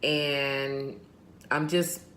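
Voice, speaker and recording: A woman's voice: a bass voice, steady tone, extremely slow, fairly bright tone, roomy sound. Profane laughing woman vlogger. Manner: profane, laughing, sings a chant. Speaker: vlogger commenting on news clips. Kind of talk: casual commentary.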